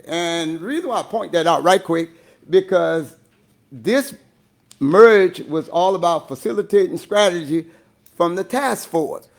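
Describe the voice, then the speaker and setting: Man, hoarse, losing his voice, urgent, emphatic, fairly high voice, public comment. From Louisiana. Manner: urgent, emphatic, rushing against a time limit. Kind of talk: public comment at a school board meeting.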